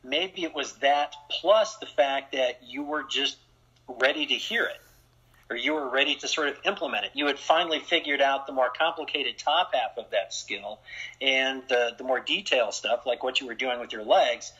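A man who works as a strength and conditioning coach, a guest in an interview, explaining his views in a measured way. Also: medium pitch, sharp tone, husky. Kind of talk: interview conversation. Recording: dull lo-fi sound.

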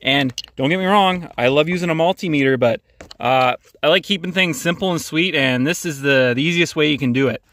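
A man's voice: on the high side, fairly quick, fairly bright tone. A male mechanic hosting a casual, plain-spoken how-to tutorial from his garage. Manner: plain-spoken, hands-on, practical. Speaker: mechanic, channel host.

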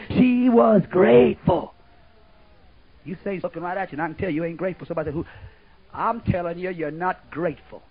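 A man preaching a sermon, swinging from loud fervor to hushed asides and chuckles. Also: sits high, slightly rough. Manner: fervent preaching, swings from shouts to hushed asides, laughs often. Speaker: pastor. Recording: muffled old tape recording.

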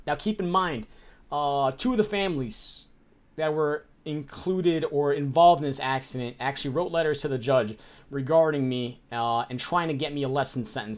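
A young man from the Chicago area tells a personal story straight to his audience. He swears constantly and gets heated, acting out the people in his story in a slightly high voice. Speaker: streamer telling his life story. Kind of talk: casual storytelling to camera.

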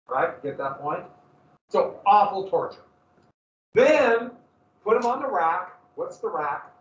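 A man's voice: high voice, expressive, a little slow, long pauses. A man teaching a history class, telling the story with energy and asking his students questions. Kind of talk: classroom lecture. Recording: roomy, distant, dull classroom recording.

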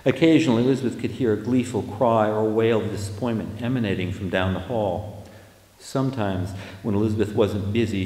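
A man, an author and writing teacher, reading his fiction aloud at a measured, steady pace with small restarts. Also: lowish voice. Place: reading venue hall. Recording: echoey hall reverb.

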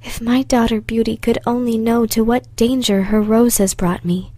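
Fearful fairy-tale merchant, a father, gentle and pleading, warm mellow tone, woman reading. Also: on the high side, steady tone, moderate pace, dry recording, close to an everyday voice. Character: frightened pleading middle-aged merchant, a father.

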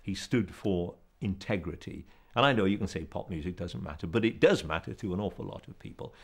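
A man speaking in a measured, deliberate way in an interview. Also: low-pitched, vocal fry, breathy edge.

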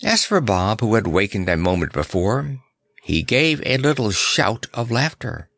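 Male audiobook narrator, slow and lively in pitch, dry close sound. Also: gravelly, dry recording. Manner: measured, expressive storytelling. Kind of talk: scripted narration.

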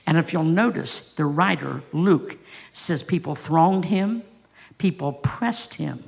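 A woman's voice: low voice, measured pace, creaky, a little mellow. A woman pastor preaching a sermon, telling stories with passion and asking the congregation rhetorical questions.

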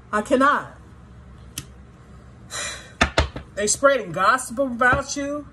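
A fairly high-voiced woman giving a tarot reading straight to her viewers. She is blunt and profane, and her tone stays emotionally charged throughout, moving between sorrow and indignation. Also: a bit bright, a little hiss or hum. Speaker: tarot reader.

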